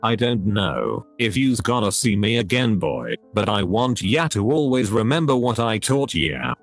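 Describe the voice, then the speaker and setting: A man's voice: fairly low pitch, lively intonation, unhurried, faint music behind. A synthetic man voicing a desperate folksy father. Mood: frantic. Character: desperate loving father, middle-aged man.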